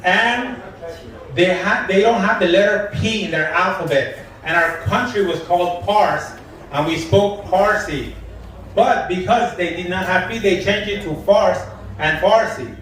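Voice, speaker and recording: An Iranian man delivers a live stand-up set with a fairly high voice, telling deadpan stories about the people he meets. He sounds distant from the mic, and the lounge gives his voice a heavy echo with faint noise behind it. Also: normal speed. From Iran. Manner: deadpan storytelling, quoting people in his jokes. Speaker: stand-up comedian. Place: comedy lounge stage. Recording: echoey room from far off, faint noise.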